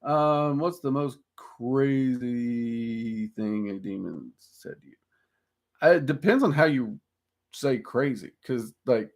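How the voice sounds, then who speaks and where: Southern-drawl man, forties, livestream host, rambling and blunt, mid-pitched voice. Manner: frank, rambling, with frequent ums and self-deprecating laughs. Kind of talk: casual livestream chat reading viewer questions.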